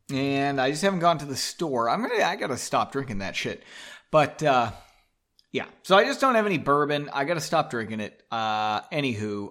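A man's voice: medium pitch, pushed and bright. A man casually reading his own book aloud, mocking his writing and swearing freely.

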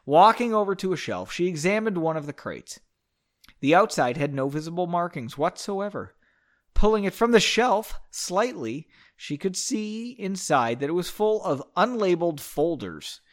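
A man's voice: high voice, very animated, moderate pace. A man hosting a podcast, reading fan fiction aloud with sarcastic, profane asides. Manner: sarcastic, swears, breaks off with jokes. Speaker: podcast host.

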